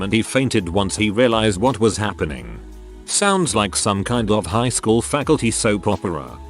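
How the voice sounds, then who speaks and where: A man narrating a string of short first-person stories in a scripted reading style with wry asides. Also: fairly low pitch. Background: faint background music.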